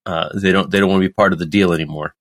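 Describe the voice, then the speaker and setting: A man's voice: sits low, fairly even intonation. Laughing, sarcastic man hosting a podcast. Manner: laughs often, sarcastic, halting restarts. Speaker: podcast host. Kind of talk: casual chat.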